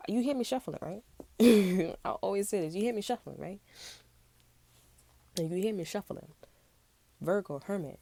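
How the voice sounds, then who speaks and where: A woman's voice: medium pitch, normal speed, creaky, long pauses, mellow. A woman giving a casual tarot reading, talking in a loose, rambling way full of slang and swearing. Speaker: tarot reader.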